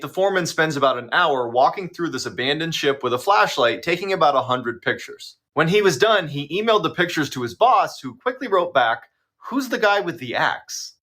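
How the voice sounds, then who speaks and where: A man's voice: fairly high pitch, pushed and bright. A man narrating short scary stories in a scripted, dramatic storytelling style.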